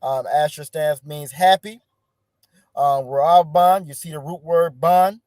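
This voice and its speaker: A man's voice: on the high side, fairly even intonation, takes it slowly, darkish tone, no room sound, studio quality. A man teaching an online class over a video call, encouraging his students and often repeating words.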